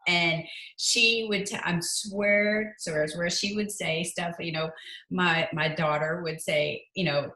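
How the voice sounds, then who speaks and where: A woman's voice: fairly low pitch, steady tone, takes it slowly, pushed and bright, reverberant, poor audio. A woman hosting a casual prayer-group chat, playful and laughing often. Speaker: host.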